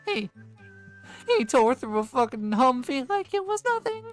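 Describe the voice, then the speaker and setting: A woman's voice: high voice, sing-song, unhurried, faint music behind. A woman voicing a laid-back, jittery young stoner man who drawls and ends lines with "man", in a tabletop role-play.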